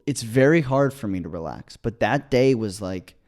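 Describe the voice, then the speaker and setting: A man co-hosting a podcast, telling a long story in an excited, rambling way, with many restarts. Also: on the low side, moderate pace. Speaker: podcast co-host. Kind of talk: casual storytelling chat.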